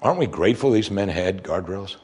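A man's voice: deep voice, lively intonation, a little fast, a little mellow, husky. A man preaching a sermon, reading scripture aloud and commenting on it with rising emphasis. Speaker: pastor.

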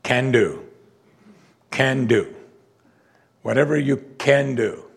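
A man preaching a sermon, animated and rhetorical, repeating lines and exclaiming for emphasis. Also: medium pitch, slow, vocal fry, breathy edge.

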